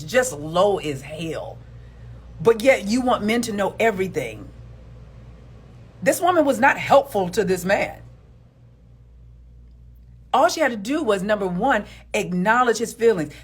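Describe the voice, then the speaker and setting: Woman, husky voice, animated pitch, emphatic and preachy, opinionated video commentary. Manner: emphatic and preachy, repeats words for stress. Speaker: relationship commentator.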